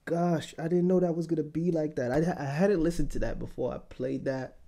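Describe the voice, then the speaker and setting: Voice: medium pitch, steady tone, brisk, mellow. A podcast host in casual chat, joking and swearing freely while reacting to clips.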